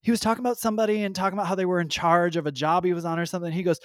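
A man who is a guest chef on a podcast, telling stories in an animated way and acting out what other people said. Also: fairly high pitch, very fast, few pauses, dry recording, clean studio sound. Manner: animated storyteller who acts out quotes. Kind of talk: casual chat.

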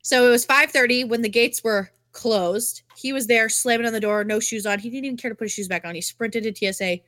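A woman with a high, very bright voice, co-hosting a podcast and telling a story in a loose, animated way. She swears freely and fills her talk with "like." The sound is dry and close. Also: a little fast, no echo. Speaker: podcast co-host. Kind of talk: casual chat, storytelling.

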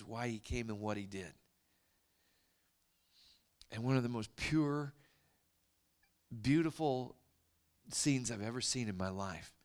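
A man preaching a storytelling sermon, animated and dropping to hushed whispers for emphasis. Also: medium pitch.

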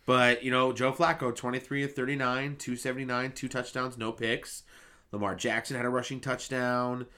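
A man co-hosting a casual sports podcast, reeling off stats in quick bursts. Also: mid-range voice, flat delivery, pushed and bright. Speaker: podcast co-host.

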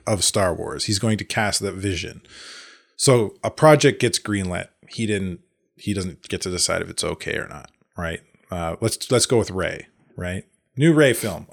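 A man co-hosting a casual movie podcast, talking in an animated way with many restarts. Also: on the low side, gravelly. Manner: animated, restarts often, acts out quotes. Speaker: podcast co-host. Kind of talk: casual chat.

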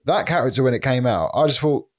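A man at an ordinary middle pitch, co-hosting a comedy podcast. He talks things through in measured, casual banter, with the odd swear word. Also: expressive.

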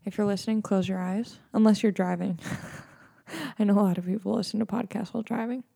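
A young woman hosts a podcast, rambling in a loose, sarcastic way. Her jokes land deadpan. Her voice has a warm, mellow darkness to it. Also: medium pitch, fairly quick, vocal fry. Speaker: podcast host. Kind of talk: casual comedic monologue.

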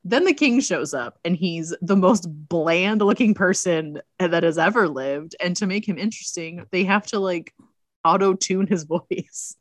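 A woman's voice: on the low side, a little slow, no echo. A woman co-hosting a casual chat, recapping a movie in a sarcastic way and acting out the quotes in silly voices. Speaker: podcast co-host.

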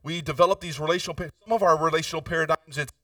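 Male pastor, earnest conversational sermon, keeps tossing in "right?"; sharp bright tone, recorded dry from a distance. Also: fairly high pitch, steady tone, very fast, no room sound.

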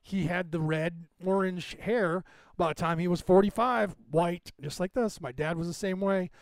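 A man's voice: high-pitched, moderate pace, dry recording. A man in his fifties hosting a podcast, rambling casually through anecdotes and laughing often. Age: 50s. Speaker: podcast host.

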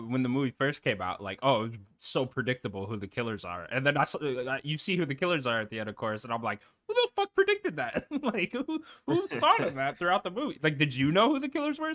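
Male podcast host, lively mid voice, brash jokey banter. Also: medium pitch, quick pace, hardly any pauses. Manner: loud, joking, swears freely. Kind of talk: casual chat. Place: Milwaukee.

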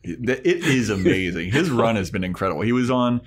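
A man's voice: medium pitch, expressive, fairly quick, slightly rough. A man co-hosting a podcast, casually recapping a TV episode and acting out the characters' lines as he retells it. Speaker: podcast co-host. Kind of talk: casual chat, recapping a show.

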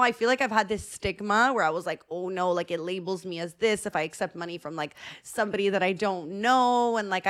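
A woman's voice: medium pitch, a bit bright. A young woman co-hosting a podcast, telling stories animatedly in casual chat and acting out the voices of the people she quotes. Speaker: podcast co-host.

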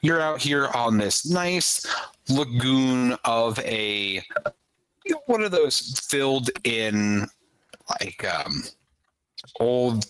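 A man running a tabletop game as game master, setting scenes in a relaxed, chatty way with plenty of fillers. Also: mid-range voice, very slow, long pauses, clean tone, poor audio.

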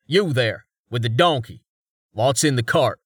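A man voicing a gruff, impatient male town constable who barks orders. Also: mid-range voice, animated, a little slow, dry recording, studio quality, distant mic. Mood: impatient barking. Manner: barking, impatient.

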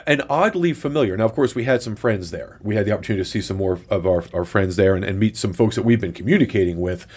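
Guy cohosting a podcast, kinda low voice, rambles and repeats himself. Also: quick pace, darkish tone, breathy edge. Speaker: podcast co-host. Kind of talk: casual podcast chat.

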